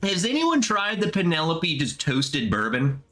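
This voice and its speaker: A young man hosting a casual livestream, tasting bourbon and chatting as he reads viewer comments, relaxed and musing. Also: on the high side, unhurried, faint music behind. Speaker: livestream host. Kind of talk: casual live chat reading comments.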